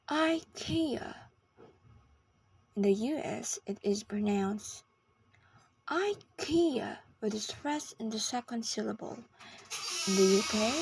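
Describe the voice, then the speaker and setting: A woman giving a scripted pronunciation lesson, speaking slowly and carefully, often half-whispered. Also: a little high, gravelly, darkish tone, slightly rough, dry recording. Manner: slow, careful enunciation with long pauses. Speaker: pronunciation teacher.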